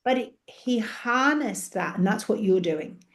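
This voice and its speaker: A woman's voice: medium pitch, expressive, measured pace. A woman host talking passionately in an interview from her office, acting out her own prayers as she speaks. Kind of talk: animated faith interview chat.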